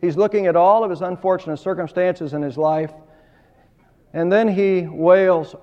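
A man's voice: on the high side, measured pace, dark tone. A man preaching a sermon emphatically, his voice swelling and dropping in volume. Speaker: pastor. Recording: dull lo-fi sound with long hall reverb.

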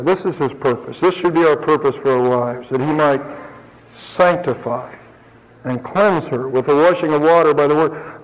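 A man preaching a sermon, swinging between emphatic rises and quiet low asides, with humorous stories for the congregation. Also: in a large hall, poor audio. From lived in Ohio. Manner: tells humorous anecdotes to the congregation.

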